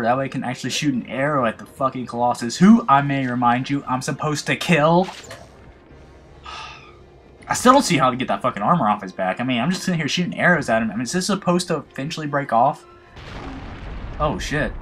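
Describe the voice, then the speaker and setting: A man with a nasal voice and a slight lisp, loudly and excitably commentating his own gameplay, swearing and joking constantly. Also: medium pitch, brisk, soft background music. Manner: loud, excitable, heavy swearing and jokes. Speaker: let's play gamer.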